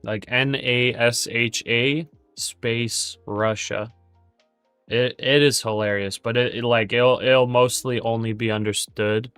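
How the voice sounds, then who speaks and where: A man's voice: mid-range voice, fairly even intonation, slow, a bit bright, smooth, dry recording, soft background music. A man hosting a day trading livestream, chatting casually and jokingly, with many stammered restarts.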